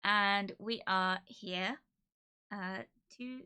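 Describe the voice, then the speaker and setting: A woman streamer from the UK chatting casually to her live audience, emotional and laughing, with many pauses and fillers. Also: mid-range voice, pushed and bright, clean tone. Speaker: streamer hosting an anniversary stream.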